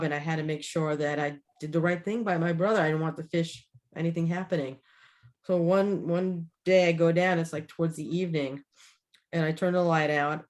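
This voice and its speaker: Chatty older woman telling a story. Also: deep voice. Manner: animated, laughs often, many restarts. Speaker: co-host. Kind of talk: casual chat, personal storytelling.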